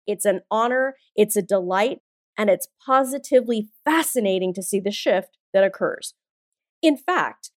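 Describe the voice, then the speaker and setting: A motivational podcast host in her forties talks in a somewhat high voice, punchy and blunt with lots of emphasis and frequent cursing. There's no room sound in the dry studio recording, though faint music plays.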